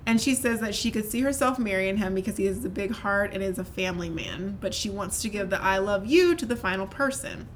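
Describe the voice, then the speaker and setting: A woman's voice: medium pitch, a little hiss or hum. A woman co-hosting a podcast, chattily retelling a reality show episode with lots of fillers. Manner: fast, animated retelling with many fillers. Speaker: podcast co-host. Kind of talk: casual recap chat.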